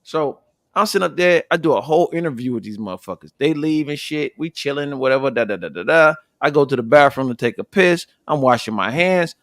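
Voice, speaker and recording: A man co-hosting a casual podcast, telling stories in an animated, profane way with loud bursts. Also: on the high side, fast, no room sound, studio quality. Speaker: podcast co-host.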